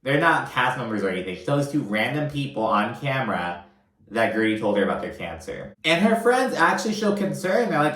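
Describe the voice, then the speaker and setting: A man giving a casual, profane recap of a reality show, gossiping and acting out the cast's lines in quick voices. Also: mid-range voice, big pitch swings, fairly bright tone. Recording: echoey room.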